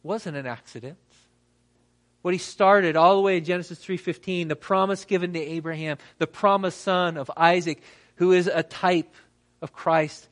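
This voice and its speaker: A man preaching a sermon, reading scripture and acting out quotes with dramatic pauses. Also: sits high, a bit bright. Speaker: pastor.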